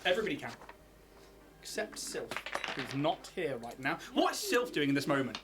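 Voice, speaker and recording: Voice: mid-range voice, big pitch swings, normal speed, background noise. A game master narrating a tabletop game, describing scenes like camera shots. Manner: descriptive, cinematic scene-setting.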